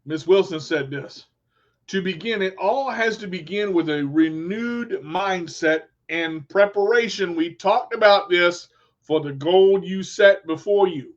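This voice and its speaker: A man's voice: sits high, a little slow, dull audio. A man hosting a motivational live show, preaching to viewers and calling them y'all, often repeating his words. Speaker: show host. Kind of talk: motivational live-stream talk.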